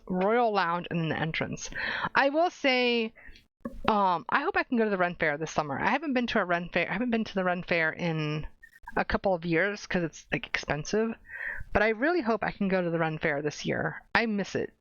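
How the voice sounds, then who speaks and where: A woman's voice: medium pitch, fairly bright tone, clear, resonant tone, dry recording. A young adult woman streamer chatting casually and reading game papers aloud, stumbling and correcting herself as she goes. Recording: dull, dry lo-fi stream audio.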